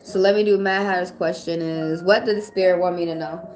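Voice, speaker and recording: A woman's voice: fairly low pitch, steady tone, fairly quick, a little mellow. Tarot reader, woman, Southern accent, chatty, casual livestream, music in background. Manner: chatty, loose, swears casually.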